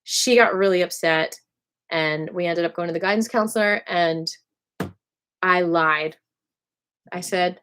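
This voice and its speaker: A woman singer telling rambling school stories on a casual live stream, animated and full of asides. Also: on the low side, a little slow, long pauses, smooth. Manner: dramatic bursts when quoting herself.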